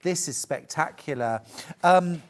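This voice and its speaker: Chatty low-voiced woman presenting sewing goods. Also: animated, unhurried, a little hiss or hum. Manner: chatty, jokey and upbeat. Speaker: shopping channel presenter. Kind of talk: live TV product demonstration.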